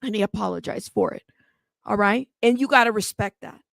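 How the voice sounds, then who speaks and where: A woman hosting a true crime channel, talking in a casual, animated and sassy way, bilingual in Spanish. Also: medium pitch, brisk, gravelly, dry recording. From United States. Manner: animated, sassy, frequent laughs. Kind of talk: casual livestream commentary.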